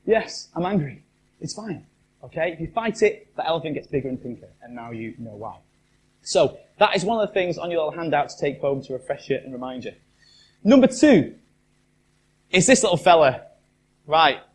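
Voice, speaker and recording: A man's voice: on the high side, very animated, brisk, a little hiss or hum. A man giving a chatty live talk to an audience as a motivational speaker, often asking the room questions. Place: live event venue.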